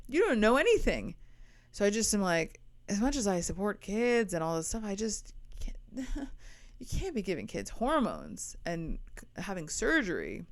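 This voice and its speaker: A woman in her forties, a comedian hosting her own podcast, telling a rambling, candid, self-mocking story and laughing often. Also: medium pitch. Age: 40s. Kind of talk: casual storytelling monologue.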